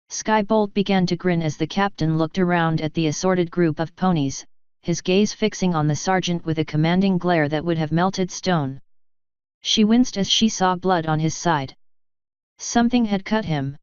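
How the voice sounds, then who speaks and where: A woman narrating a fanfiction audiobook in a steady storytelling manner. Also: on the low side, smooth, no room sound. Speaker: fanfiction reader. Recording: dry, slightly muffled.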